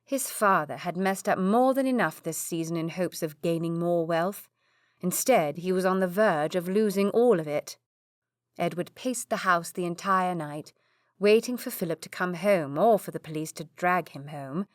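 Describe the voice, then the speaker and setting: A woman reading an audiobook in steady scripted narration. Her voice sits a little low, and the recording is very dry and close. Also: moderate pace, no room sound. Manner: steady storytelling.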